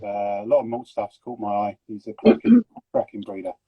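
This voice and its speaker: A man's voice: mid-range voice, sing-song, brisk, creaky, slightly rough, no room sound, dull audio. A middle-aged man with a Yorkshire accent, a gecko breeder, chatting jokily and rambling on a live stream over a phone video call. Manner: jokey, rambling, teasing. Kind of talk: casual banter on a live stream.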